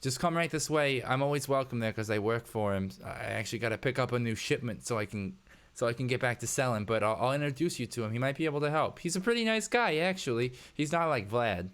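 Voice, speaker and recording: A man's voice: medium pitch, expressive, fast talker, a bit bright, pitched above the performer's own voice. A man voicing a young woman, a street dealer who is friendly, eager and apologetic.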